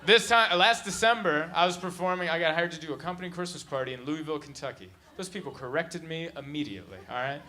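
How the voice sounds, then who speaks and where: Onstage at a comedy venue, a San Diego comic tells stories in his stand-up set, acting out the characters' voices. He speaks quickly with few pauses, his voice on the high side, bright and forceful, recorded live amid a laughing audience.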